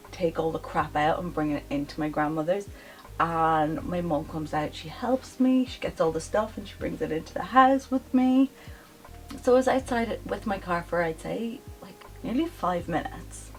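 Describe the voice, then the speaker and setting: A young woman telling a story to her vlog audience in casual, animated chat, full of "like" fillers. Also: lowish voice, poor audio. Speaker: vlogger. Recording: voice a bit off-mic, faint music behind.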